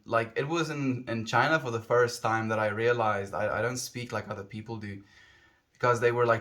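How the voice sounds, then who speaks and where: A man's voice: medium pitch, a bit bright. Rambling South African man streaming. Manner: rambling, self-correcting, reflective. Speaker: livestreamer. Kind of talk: casual chat with chat viewers.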